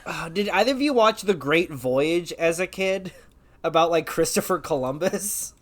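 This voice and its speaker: A podcast co-host chats and jokes casually on a comedy show. The pitch swings widely from line to line. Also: expressive, fairly bright tone. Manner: chatty, quick to joke.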